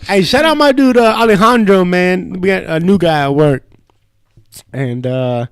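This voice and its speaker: A man's voice: high voice, unhurried, smooth. A man co-hosting a podcast in casual chat, telling loose, profane stories and slipping into put-on voices. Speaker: podcast co-host. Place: home studio.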